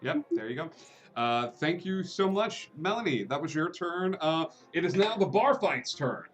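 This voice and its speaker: A game master narrating a tabletop fight in a light, fairly high voice. He keeps it loose and chuckling, filling pauses with ums and uhs while faint music plays behind. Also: expressive.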